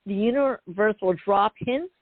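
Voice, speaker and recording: A woman guest on an interview show, telling a personal story in a chatty, animated way with many asides. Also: medium pitch, a little slow, no room sound. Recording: phone-like dry call audio.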